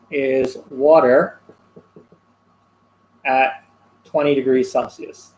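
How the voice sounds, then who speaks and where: A man teaching a physics lesson, explaining a worked problem step by step with pauses and fillers. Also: a little high, a bit bright, echoey room, low-quality recording. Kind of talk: classroom lecture working through a problem.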